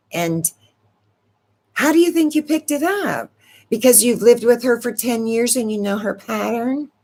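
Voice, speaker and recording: A woman hosting her own channel, giving an unhurried spiritual talk to viewers and often asking rhetorical questions. She is sniffling a little. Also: mid-range voice. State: sniffling from allergy medicine. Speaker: channel host.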